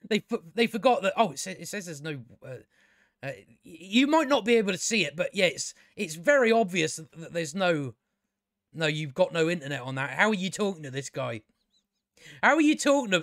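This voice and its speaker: A man chats his way through an episode review in a slightly high voice. He rambles, restarts his sentences and swears offhandedly. The recording is close and dry, with no room sound. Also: fairly bright tone, no room sound. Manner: chatty, frequent restarts, swears casually. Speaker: TV review channel host.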